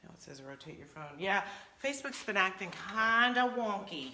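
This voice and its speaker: A woman's voice: mid-range voice, lively intonation, normal speed, very noisy. A woman hosting a furniture painting livestream, chatting casually and telling stories with animation.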